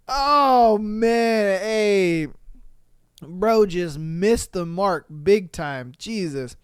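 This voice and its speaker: A man hosting a podcast, reading listener stories aloud and reacting with animated, slangy, profane rants. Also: high-pitched, drawn-out words, smooth, no room sound, clean studio sound. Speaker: podcast host.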